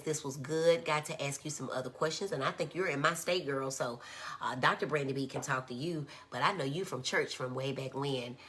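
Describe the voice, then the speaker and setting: A woman in her thirties chats casually on a live stream, reading out viewer comments and calling her audience y'all. Her voice sits low but sounds crisp and forceful. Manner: chatty, reads viewer comments aloud, says y'all often. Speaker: child and adolescent psychiatrist.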